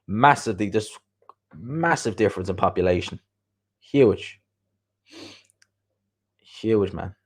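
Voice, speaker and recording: A man's voice: on the low side, lively intonation, slow pace, long pauses, slightly rough. A man chatting casually as a boxing show host, opinionated and repeating his points for emphasis. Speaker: boxing show host reading viewer comments. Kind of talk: casual livestream chat.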